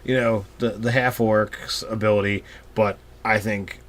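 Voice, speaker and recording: Low-voiced guy in a game chat, chill and agreeable. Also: measured pace. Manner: relaxed, agreeable, brief interjections. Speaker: co-host. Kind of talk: casual tabletop game chat.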